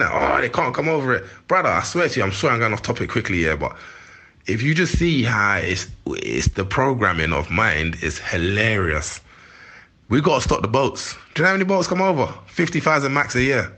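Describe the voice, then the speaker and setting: Deep forceful london guy, slangy and fired up, chatting in an interview. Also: very animated. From London, England. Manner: heated, slangy, quick to laugh. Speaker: interview guest. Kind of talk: candid interview chat.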